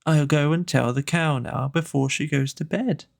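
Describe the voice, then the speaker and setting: A man's voice: a little high, moderate pace, creaky. A timid young dairymaid voiced by a man. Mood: deferential. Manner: deferential.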